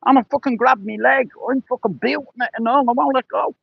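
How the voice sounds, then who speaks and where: Gravelly high-voiced man. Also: steady tone, fast, dry recording, dull audio. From Ireland. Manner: rambling, profane, lots of "you know". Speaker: livestreamer. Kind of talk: casual storytelling on a livestream.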